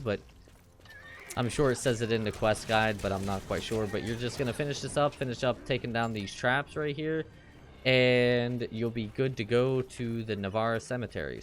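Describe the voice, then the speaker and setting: A man casually commenting on his gameplay as he plays, rambling and offhand. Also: slight background noise. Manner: rambling and offhand, puts on silly high voices for characters. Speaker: game walkthrough host.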